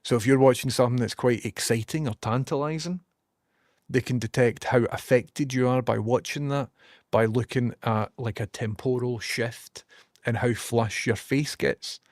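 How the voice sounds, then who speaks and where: A man's voice: mid-range voice, fairly even intonation, moderate pace, a little mellow, dry recording, clean studio sound. A young man with a Scottish accent, chatting casually on a live stream, answering viewers and musing aloud in a rambling, easygoing way with the odd swear word.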